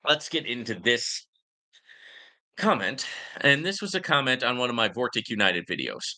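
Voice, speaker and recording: A man hosting his channel, clowning around with playful voice inflections. His tone is piercingly bright and tense, and his pitch leaps up and down in a lively way. He keeps it casual and talks straight to his viewers. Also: moderate pace. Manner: animated, joking, comical voice inflections. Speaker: YouTube channel host.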